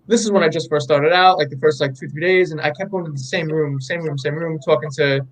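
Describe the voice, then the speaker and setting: A young man in a candid interview, telling his story with eager enthusiasm and plenty of ums and restarts. His voice sits a little higher than most men's. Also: fairly quick, poor audio. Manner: enthusiastic, rambling storytelling with many fillers. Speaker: artist guest.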